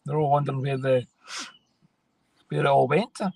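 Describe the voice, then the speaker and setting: Gravelly Scottish man, agreeable. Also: mid-range voice, moderate pace, a little mellow. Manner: agreeable, backs up the host with short replies. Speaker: co-host. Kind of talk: casual chat.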